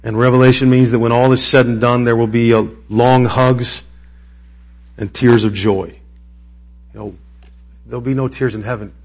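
Male pastor, husky voice, casual sermon delivery, emotional, climbs to passionate bursts. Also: mid-range voice, steady tone, moderate pace, pauses often. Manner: conversational, emotional, rising to impassioned peaks.

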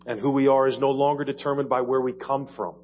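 A man's voice: medium pitch, little pitch movement, quick pace. A man from Ohio preaching a sermon in a church, explaining with conversational asides. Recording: dull lo-fi church audio, faint hum.

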